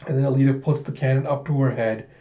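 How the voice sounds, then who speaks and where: Male comic reader, mellow lowish voice, casual playful recap, dull lo-fi audio. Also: quick pace. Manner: animated retelling of panels, playful asides. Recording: dull lo-fi sound.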